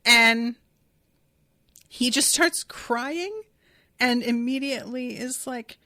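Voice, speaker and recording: A woman's voice: fairly high pitch, unhurried, bright, forceful tone, dry recording, clean studio sound. A woman hosting a solo podcast recap, chatting candidly, laughing often and acting out quoted lines. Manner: chatty, candid, swears when quoting. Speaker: podcast host. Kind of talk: solo episode recap, reading listener chat.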